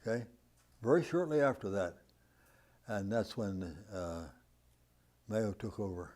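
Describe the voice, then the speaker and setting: Mellow-voiced man in his nineties. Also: fairly low pitch, a little slow. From United States. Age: 90s. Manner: animated storyteller, chuckling at his own tale. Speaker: veteran interviewee. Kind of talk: recounting war memories in an interview.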